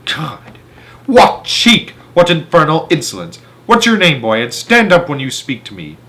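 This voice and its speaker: A man's voice: a little high, lively intonation, moderate pace, fairly bright tone. Man putting on Miss Trunchbull, bellowing headmistress. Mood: bellowing scorn. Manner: bellowing, scornful. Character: huge fierce female headmistress, bullying and domineering.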